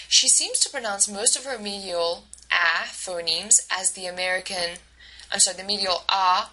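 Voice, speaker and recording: A woman's voice: medium pitch, sharp tone, poor audio. A woman instructor giving a recorded lecture, explaining step by step with frequent fillers and self-corrections. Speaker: university instructor.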